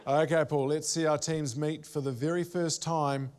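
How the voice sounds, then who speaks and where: A man's voice: a little high, steady tone, normal speed, a little mellow. A man hosting a comedy panel show in a dry, mock-formal way. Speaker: host. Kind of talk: wry hosting.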